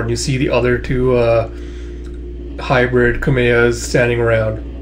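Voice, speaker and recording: A man's voice: medium pitch, little pitch movement, normal speed, a little hiss or hum. A man casually narrating a comic aloud with many fillers. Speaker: comic reader, channel host.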